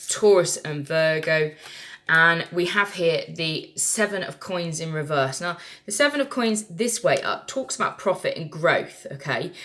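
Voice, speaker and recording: A woman's voice: lowish voice, a bit bright. A woman giving a casual tarot reading, chatty and irreverent, swearing freely as she talks through the cards. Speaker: tarot reader.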